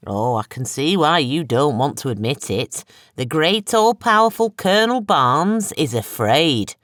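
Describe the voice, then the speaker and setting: An audiobook narrator voicing a calm, compassionate man who speaks in a quiet, measured, sympathetic way. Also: mid-range voice, no room sound, clean studio sound.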